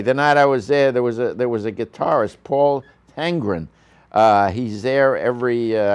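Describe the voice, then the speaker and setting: A man giving a casual, rambling restaurant review on a local news show, full of fillers and asides. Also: mid-range voice. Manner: rambling, with frequent fillers and coughs.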